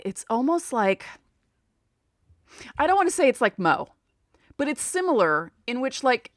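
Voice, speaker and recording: A woman guest on a casual sports podcast, chatty and quick to laugh. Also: sits high, big pitch swings, dry recording, studio quality.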